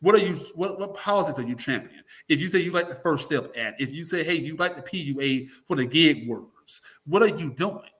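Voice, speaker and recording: A man with a somewhat high voice speaks bluntly and emphatically as a guest in an interview. He swears freely and slips into the voices of the people he quotes. His delivery is opinionated and forceful. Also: animated, a little fast, hardly any pauses. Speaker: political guest, talk radio personality.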